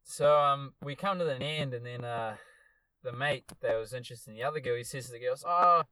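A young man co-hosting a podcast, telling an animated story with plenty of swearing and acted-out quotes. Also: medium pitch, brisk. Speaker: podcast co-host. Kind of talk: casual chat, storytelling.

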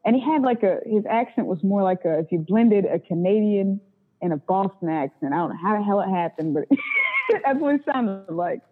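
A woman's voice: mid-range voice, huge pitch swings, normal speed, husky. A woman telling candid stories about her work in a blunt, profane way. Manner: blunt and profane, acts out callers' voices. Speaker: interview guest, phone sex worker. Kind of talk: candid casual storytelling. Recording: tinny phone-like sound.

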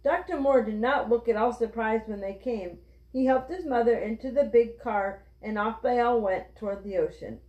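A woman's voice: on the high side, normal speed. Woman reading a children's book aloud. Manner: clear, steady storytelling. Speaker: reader. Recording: roomy, dull lo-fi.

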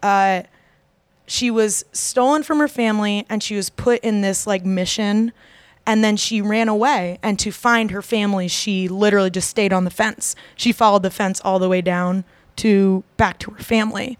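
Chatty woman with a smooth voice. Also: mid-range voice, fairly even intonation, moderate pace, dry recording. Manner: rambling, many fillers and restarts. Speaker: podcast co-host. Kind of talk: casual chat.

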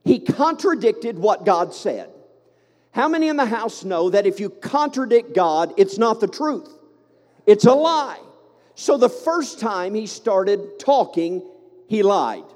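A Southern American pastor preaches into a microphone with a notably high-pitched voice, fervent and punchy, tossing joking asides to his congregation. His words ring through a church sanctuary with a long, trailing reverb. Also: animated, unhurried, a little mellow. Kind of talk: sermon.

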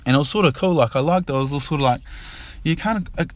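This father's voice is fairly high-pitched and animated, and he talks fast with no echo. Telling a fable and its lesson as casual spoken storytelling, he rambles in a loose, informal way, repeating himself.

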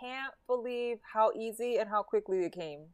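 A woman co-hosting a podcast, talking things through in a reflective, halting way, often laughing between thoughts. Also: on the high side, clear, resonant tone, no echo. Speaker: podcast co-host. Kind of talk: casual chat.

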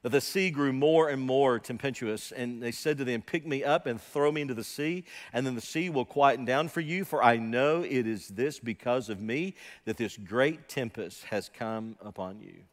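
A man delivers a sermon from the pulpit, driving his points home with pointed rhetorical questions. His mid-pitched voice drops to quiet asides and then climbs to loud, raised passages. The sound carries a long reverb, as in a large church sanctuary. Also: moderate pace, few pauses. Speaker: pastor.

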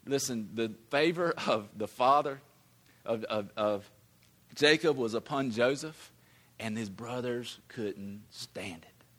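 A man's voice: medium pitch, slow, fairly bright tone. A man, a pastor preaching a sermon in a conversational, emphatic way that often repeats words.

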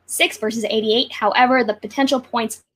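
A woman co-host on a video call, giving a steady play-by-play recap of a game show match. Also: on the high side, a little fast.

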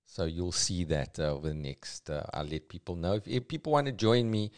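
Rambling middle-aged comedian. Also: male voice, sits low, very animated, a little fast. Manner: rambling, self-mocking, jumping between mumbles and bursts. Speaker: podcast host. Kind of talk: solo comedic podcast monologue.

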